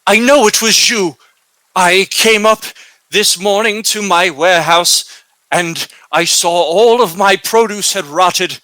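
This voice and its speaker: A man's voice: unhurried, pushed and bright, smooth, dry recording. A man voicing an angry young male half-elf merchant who accuses a rival. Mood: furious. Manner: accusing, furious, raised pitch.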